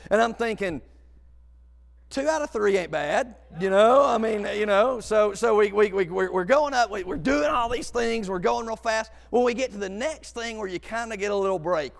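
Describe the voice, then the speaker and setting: Animated man with a gravelly voice. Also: sits high, normal speed, few pauses, big-room sound. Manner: animated, acts out voices and shouts. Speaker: storyteller. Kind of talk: comic storytelling.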